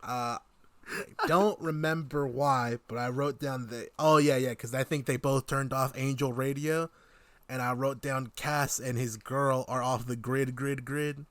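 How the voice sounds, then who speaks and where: A man in a casual podcast chat, lively and quick to laugh as he reads out what he wrote down while watching. His voice sits at a middle pitch and the sound is dry and close. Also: no echo. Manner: animated, reads out his notes in quotes, laughs often. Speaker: podcast co-host. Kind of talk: casual chat reviewing a TV season.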